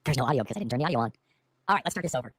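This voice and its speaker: A man's voice: medium pitch, animated, very fast, fairly bright tone, husky, dry recording, clean studio sound. A man hosting a casual livestream from home, rambling and playful, often restarting his sentences. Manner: rambling, playful, self-interrupting. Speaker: livestream host.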